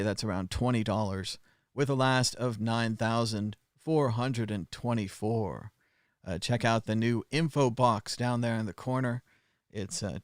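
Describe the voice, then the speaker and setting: A man's voice: fairly low pitch, no room sound. Sarcastic chatty man, dry close mic. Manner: sarcastic, chatty, frequent "uh" fillers. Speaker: show host. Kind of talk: casual news commentary livestream.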